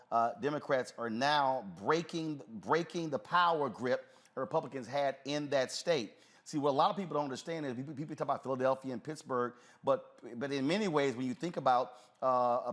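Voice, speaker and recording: A man hosting a live talk show, speaking with emphasis in a loose conversational style. He often fills pauses with "uh". His voice sits at an everyday middle pitch. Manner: emphatic, conversational, many filler uhs.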